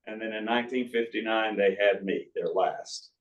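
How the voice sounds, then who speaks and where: The recording is muffled and distant, picking up the roomy hall of an arts center auditorium. There, an author in his sixties with a lowish voice speaks at normal speed, sharing folksy anecdotes and asides with his book talk audience.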